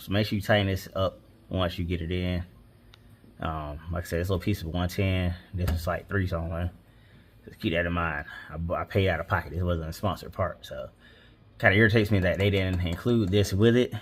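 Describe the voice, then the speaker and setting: A man hosting his car DIY channel, talking viewers through a repair step by step in a laid-back, slangy way while working on the car in a garage. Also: low voice. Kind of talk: casual how-to vlog.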